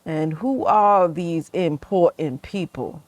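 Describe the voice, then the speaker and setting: A guarded, blunt Southern housewife in her late thirties, as a woman reads her lines from a game, with a drawling attempted Southern accent. She talks slowly in a lowish voice, curt and wary. The recording is dry and close. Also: dry recording. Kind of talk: reading game dialogue aloud.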